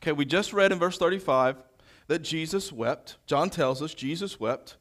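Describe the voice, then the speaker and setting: Preaching in a fairly high voice at a moderate pace, a man reads scripture verse by verse and then expounds. He shifts between loud proclamation and hushed quiet.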